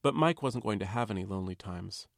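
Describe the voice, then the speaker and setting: A man, the author, reading a chapter of his novel aloud in a measured, wry, understated way. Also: on the low side, lively intonation, vocal fry, no room sound, studio quality. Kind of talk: literary reading.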